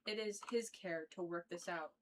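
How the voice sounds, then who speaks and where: A woman's voice: lowish voice, moderate pace, slight background noise, natural voice. A woman reading aloud the lines of a stern, unyielding blind old male prophet in a casual read-through of a play. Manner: reads plainly in her own voice.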